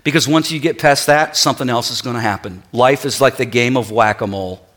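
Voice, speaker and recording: A middle-aged male pastor preaching a sermon in church, telling stories with acted-out quotes and then easing into quieter, earnest preaching. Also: medium pitch, fairly quick.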